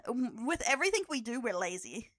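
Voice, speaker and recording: A woman's voice: a little high, sing-song, brisk, a bit bright, dry recording. A young Australian woman streaming live, chatting casually with her viewers, laughing often and swearing as she teases.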